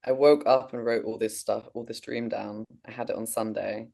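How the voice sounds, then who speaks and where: A woman's voice: extremely low pitch, moderate pace, gravelly. English woman animatedly recounting a dream. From England. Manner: animated storytelling, swearing, laughing. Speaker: podcast co-host. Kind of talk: casual chat, telling a dream.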